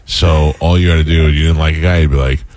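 A man hosting a casual talk show, telling animated stories with laughter. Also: very deep voice, fast, a little hiss or hum. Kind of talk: casual storytelling chat.

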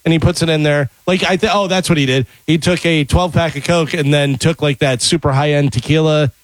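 A man co-hosting a radio talk show, telling stories in a lively way and acting out what people said. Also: fairly high pitch, fairly quick, no echo. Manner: animated storyteller, acts out quotes. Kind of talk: casual radio chat.

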